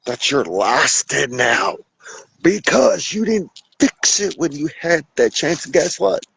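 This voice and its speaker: A man hosting a podcast, lecturing about relationships in a blunt, casual way with some swearing, switching between fast bursts and slow, drawn-out emphasis. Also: on the high side, sing-song, vocal fry, fairly bright tone, breathy edge, low-quality recording. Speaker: podcast host. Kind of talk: relationship advice monologue.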